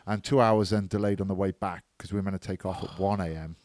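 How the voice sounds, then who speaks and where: A man's voice: low-pitched, fairly even intonation, fast talker, darkish tone, no echo. A man, chatting on a podcast, teasing and grumbling. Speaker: podcast co-host. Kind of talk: casual chat.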